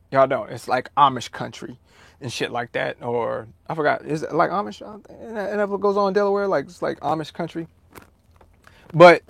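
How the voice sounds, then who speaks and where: A man talks straight to his livestream chat, animated, profane and full of repeats. His voice sits fairly high for a man. The sound is dry and close, with no room echo. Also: creaky. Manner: profane, animated, repetitive, addresses chat directly. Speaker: livestream host answering chat. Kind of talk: casual livestream talk.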